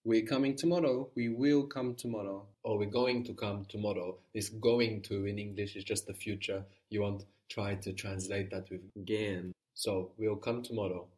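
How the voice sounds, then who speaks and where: A man's voice: lowish voice, steady tone, moderate pace, hardly any pauses, a little mellow, distant mic. A man teaching an audio language lesson, patiently prompting a student and repeating the answers.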